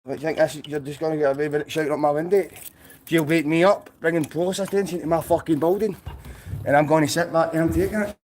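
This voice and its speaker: A man's voice: fairly high pitch, fairly even intonation, fast, a little mellow, a little hiss or hum. A man with a Scottish accent, ranting and swearing as he streams, mocking people he is angry at. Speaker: livestreamer. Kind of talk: profane livestream rant.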